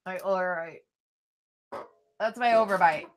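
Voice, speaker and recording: A woman's voice: fairly low pitch, slow pace. A young adult woman vlogging, talking casually and rambling to a phone camera she holds at arm's length. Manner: rambling, chatty, with frequent "like" and sighs. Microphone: phone camera held at arm's length.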